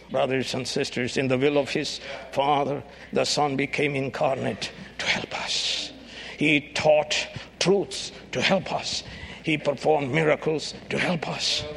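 A man preaching a sermon, emphatic and rising to shouts on key phrases. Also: a little high, steady tone, measured pace, creaky.

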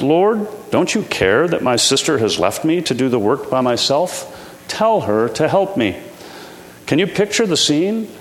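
A man preaching a sermon in a measured, earnest way, slowing down to stress key lines. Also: on the high side. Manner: measured, earnest preaching with slow emphatic endings. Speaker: pastor. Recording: long hall reverb.

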